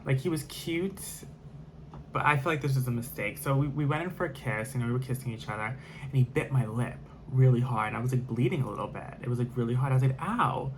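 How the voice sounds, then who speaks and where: Male storyteller, mid-pitched, casual rambling delivery with constant fillers. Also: quick pace, background noise. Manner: rambling, heavy on fillers and restarts.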